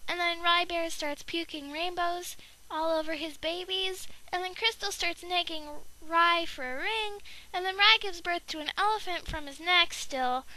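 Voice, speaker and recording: A young woman telling a silly, rambling made-up story in a playful, giggly way, slipping into quick character voices. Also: extremely high pitch, sharp tone.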